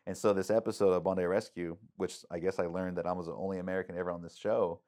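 A middle-aged man with a very deep, low voice telling a story on a podcast. He talks casually with plenty of "like" fillers. He acts out the people in his story animatedly, leaping up in pitch for their lines. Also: quick pace. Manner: animated, acts out quotes with big pitch jumps, many "like" fillers.

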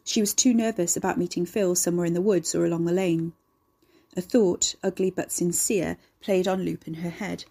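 A woman narrates a dark storybook tale with a steady, measured reading. Her voice is low in pitch and husky in texture, keeping an even storytelling pull.

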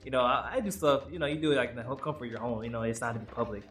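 A man's voice: mid-range voice, very fast, fairly bright tone. A young man co-hosting a podcast in casual chat, rambling and laughing as he acts out quotes. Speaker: podcast co-host.

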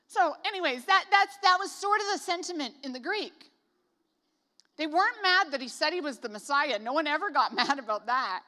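A Canadian woman preaches a casual sermon in a bright, fairly high voice, chatty and expressive at a moderate pace, with joking asides and lots of "like." The recording carries the long echo of a large, reverberant hall.

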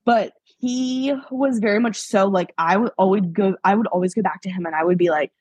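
A woman's voice: mid-range voice, fairly quick, a little mellow, slightly rough, no echo. A woman from Pennsylvania, a podcast guest, telling her story in a chatty, casual way, laughing often and acting out what people said to her. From Pennsylvania, USA.

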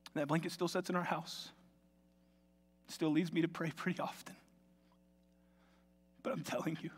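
A male pastor preaching a sermon in a church, in a conversational, storytelling way. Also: fairly high pitch. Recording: long reverb of a large hall.

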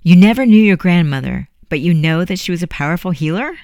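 Voiced by the narrator, an eager young man asks question after question, curious and a little louder than the narration. The read is dry and close. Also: medium pitch, lively intonation, brisk, clear, resonant tone, no echo, muffled recording, lightly acted.

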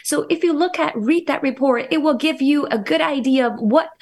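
High-voiced woman, halting guest. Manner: halting, many restarts and fillers. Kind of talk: political talk show interview.

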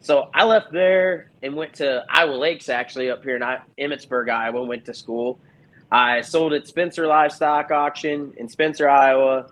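A young man from Virginia speaks with a Southern drawl. He is a guest on a casual podcast and tells his stories in a loose, self-deprecating way. His voice sits at an everyday middle pitch, and he laughs easily between thoughts. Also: fairly even intonation, normal speed, fairly bright tone, poor audio. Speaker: guest, auctioneer.

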